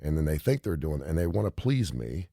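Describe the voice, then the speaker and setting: A man's voice: extremely low pitch, very animated, a little fast, mellow, no room sound, clean studio sound. A middle-aged man hosting a radio talk show, telling a story in an emphatic, rambling, repetitive way.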